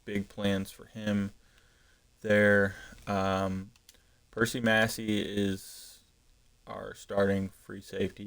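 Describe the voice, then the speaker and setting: A man's voice: lowish voice, gravelly. A man streaming a football video game, chatting casually as he thinks aloud, with frequent ums and self-corrections. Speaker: gaming streamer. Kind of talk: casual live-stream commentary.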